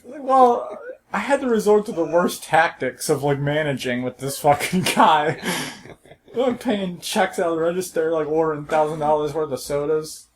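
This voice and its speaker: A man's voice: a little high, lively intonation, moderate pace, a little hiss or hum. Profane, laughing young man telling stories. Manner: profane, laughing, acts out quotes loudly. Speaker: podcast co-host. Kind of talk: casual chat, storytelling.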